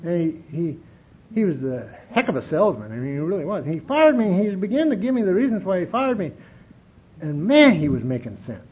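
A man's voice: sits high, a little fast, breathy edge. Man telling his recovery story, tinny lo-fi sound. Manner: storytelling, animated, repeats himself. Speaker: recovery meeting speaker. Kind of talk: personal recovery talk. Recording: tinny lo-fi recording with faint noise.

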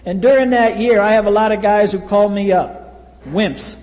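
A man's voice: high voice, normal speed, a little mellow, muffled recording, a little hiss or hum. A man, telling a blunt, wry personal story at a recovery meeting. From US East Coast. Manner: wry, blunt, acts out quoted voices. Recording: reverberant hall.

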